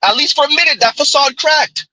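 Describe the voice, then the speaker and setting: A man's voice: extremely high pitch, a little fast, pushed and bright, no room sound, poor audio. A man, giving an opinionated commentary monologue with emphatic call-outs and rhetorical asides. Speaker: commentary vlogger.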